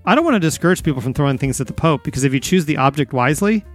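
A man hosting a casual comedy podcast, with a teasing, deadpan delivery. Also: fairly high pitch, rapid-fire, faint music behind. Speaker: podcast host.

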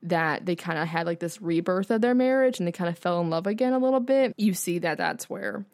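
A woman's voice: on the low side, fairly quick, vocal fry, a little mellow, dry recording. A young woman co-hosting a podcast, chatting casually with lots of "like" fillers and frequent swearing. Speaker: podcast co-host. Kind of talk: casual chat.

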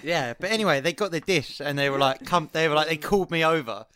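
A man's voice: on the high side, fast talker, crowd noise. A man telling a story in casual podcast chat, acting out the quotes with sudden exclamations. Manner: animated, acts out quotes with rising exclamations. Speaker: podcast co-host.

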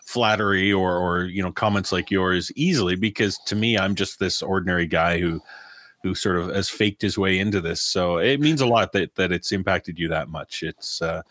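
A man's voice: low voice, normal speed, a bit bright, dry recording. A man on a podcast, speaking modestly in casual chat. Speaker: podcast narrator.

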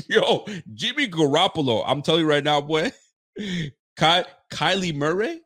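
A man's voice: on the high side, expressive, a little slow, a bit bright. A man hosting a casual sports podcast, joking and laughing as he riffs with his chat in slangy talk. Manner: talks to a live chat and audience. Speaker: podcast host.

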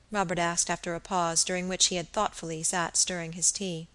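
A woman narrating a classic novel as an audiobook in a measured, expressive reading. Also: lowish voice, low-quality recording.

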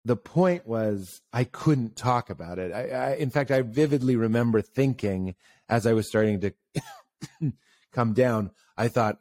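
A man in casual conversation who tells stories with animation, often jumps up in pitch for emphasis and acts out the voices he quotes. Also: unhurried, darkish tone, dry recording.

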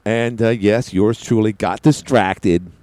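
A man's voice: fairly low pitch, fairly even intonation, slow pace, darkish tone. A man hosting a radio talk show, telling a rambling, self-mocking story while a little out of breath. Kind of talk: casual radio monologue.

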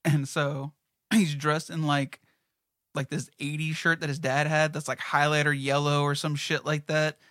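A young man rattles off stories in a casual chat with friends, and his voice comes across bright and forceful, pitched a little high. He talks quickly and animatedly. The sound is dry and close. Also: no room sound. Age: young adult. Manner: fast, animated anecdotes with quoted voices, profane.

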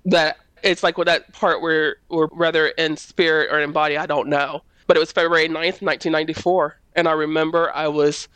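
On a panel, a woman who speaks as a prophet shares a personal faith testimony. She tells it as an animated story, fairly quickly and with few pauses, acting out quoted voices in a high tone, and the sound has no echo.

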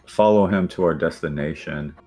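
A man playing a tabletop game, speaking calmly in brief statements. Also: rumbling low, normal speed, soft background music. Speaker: player.

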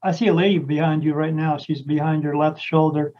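A man with a notably high voice tells a story in a loose, rambling way, stopping and restarting and acting out what others said. He speaks as a psychic medium in a casual conversation. The sound is a little dull and lo-fi. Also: steady tone, brisk, noisy background. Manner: rambling, full of restarts and acted-out quotes.

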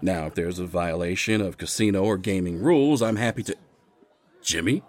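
An actor playing a large casino floorman, firm, smooth and polite. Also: low voice, normal speed, darkish tone, natural voice. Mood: calm firm. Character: big, calm casino floorman.

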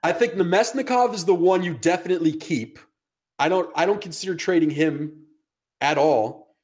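A man's voice: fairly high pitch, normal speed, darkish tone. A man co-hosting a podcast, talking sports in a blunt, sarcastic way and swearing casually. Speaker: podcast co-host.

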